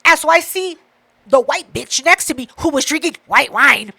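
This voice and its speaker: A woman co-hosting a podcast, telling a story in casual chat, profane and animated, acting out what others said. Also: high-pitched, normal speed, creaky. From Mexican heritage. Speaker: podcast co-host.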